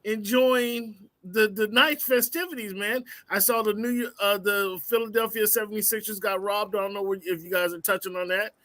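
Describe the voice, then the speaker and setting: A man's voice: sits high, fairly even intonation, moderate pace, few pauses, pushed and bright, no echo. A man joining a sports podcast as a guest, chatting in a laid-back way. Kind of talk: casual sports talk.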